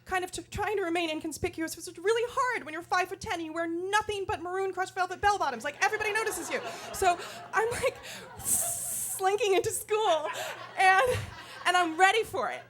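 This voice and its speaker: High-voiced woman telling a comic story. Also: fairly quick. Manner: animated, self-deprecating comic delivery. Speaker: comedian storyteller. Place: live storytelling stage before an audience.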